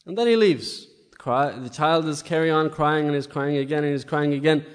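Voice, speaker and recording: A man telling a story as a sermon, animated and full of rhetorical questions. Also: a little high, brisk, clear, resonant tone. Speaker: preacher. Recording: echoey hall with long reverb.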